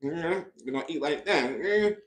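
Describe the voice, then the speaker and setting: A man's voice: on the high side, expressive, moderate pace. A man hosting a casual livestreamed podcast, rambling and emphatic, with slangy, profane talk and frequent restarts. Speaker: podcast host.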